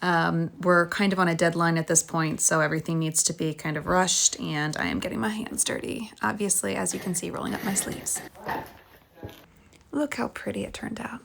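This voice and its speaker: A woman's voice: lowish voice, steady tone, normal speed, creaky, a bit bright, slight background noise. Chatty woman designer vlogging a renovation. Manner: chatty, upbeat, loose with fillers. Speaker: interior designer. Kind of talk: casual vlog narration. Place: house under renovation, indoors.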